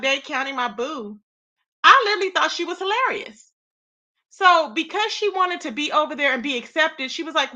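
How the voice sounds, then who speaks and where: A woman's voice: sits high, bright, forceful tone. A woman hosting a casual live stream, talking sassily and directly to her chat viewers, greeting them by name. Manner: sassy, talks straight to chat viewers. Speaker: livestream host.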